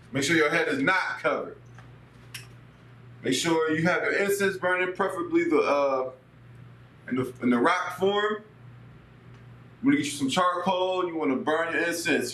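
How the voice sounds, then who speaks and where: A man's voice: on the high side, fairly bright tone. A man leading a call-and-response prayer, chanting each line for a partner to repeat and giving instructions to viewers. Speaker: prayer leader. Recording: roomy echo, distant mic, faint noise.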